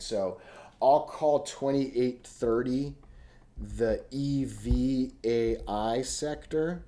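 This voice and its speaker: A man's voice: medium pitch, dark tone. A man hosting a casual live stream from home, rambling and thinking aloud as he reads stock charts. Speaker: stock chart analyst host. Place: home room.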